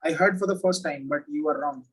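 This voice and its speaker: A male physics teacher giving an oral exam over a video call. He is patient and repeats his questions slowly. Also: a little high, fairly bright tone, breathy edge, poor audio.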